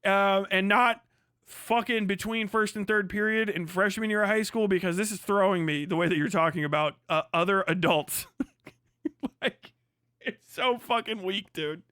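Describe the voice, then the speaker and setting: A man's voice: high voice, normal speed, sharp tone, clear, resonant tone, dry recording, studio quality. A man streaming live, reacting to a clip with sarcastic, profane, rambling commentary.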